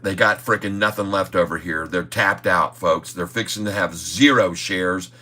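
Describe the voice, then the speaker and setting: A middle-aged man hosts a day-trading livestream of casual market commentary, folksy and emphatic, chuckling often and calling listeners "folks" again and again. His voice is low, pushed and bright.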